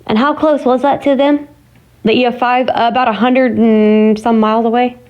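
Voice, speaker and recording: Chatty woman vlogger, slightly high voice. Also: fairly even intonation, moderate pace, highs cut off. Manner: chatty, rambling, exclaims and mutters to herself. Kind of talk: casual chat.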